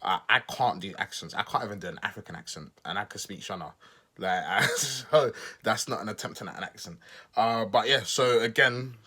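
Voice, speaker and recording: A man's voice: fairly low pitch, normal speed, bright, forceful tone, breathy edge. A man hosting his own podcast, giving casual political commentary in a rambling way, often restarting his sentences and making self-deprecating asides. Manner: rambling, with frequent restarts and stumbles. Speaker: podcast host.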